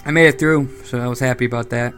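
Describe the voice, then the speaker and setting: A man's voice: mid-range voice, steady tone, fast talker, a bit bright, faint music behind. A young man co-hosting a casual gaming podcast, rambling with fillers and laughing often. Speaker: podcast co-host.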